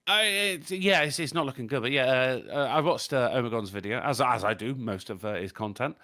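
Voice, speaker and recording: A man's voice: medium pitch, brisk, sharp tone. A man from England, co-hosting a casual chat and rambling in a jokey, profane way. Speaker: podcast co-host.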